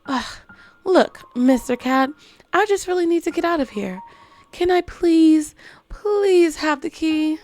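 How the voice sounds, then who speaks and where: A woman's voice: very high voice, slow, darkish tone, no room sound. A woman voicing a polite, bewildered young girl named Alice in a game, speaking in a prim, apologetic way. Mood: pleading.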